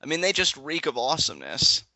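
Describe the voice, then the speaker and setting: A young man chatting excitedly as a guest in a live reaction video, laughing often and rambling through restarts. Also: a little high, fast talker, no room sound. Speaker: guest co-commentator. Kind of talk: casual live reaction chat.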